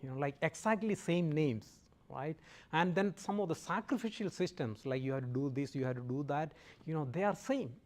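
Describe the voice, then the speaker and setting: Higher-voiced man giving a casual lecture. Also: lively intonation, a little fast. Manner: checks in with listeners, frequent "okay?"; jokes lightly with audience. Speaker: guest lecturer. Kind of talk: conversational classroom lecture.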